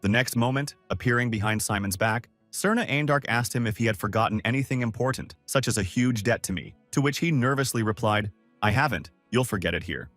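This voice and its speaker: A man's voice: medium pitch, brisk, hardly any pauses, a bit bright, no echo. A man narrating a comic story recap in a scripted, storytelling way. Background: faint music.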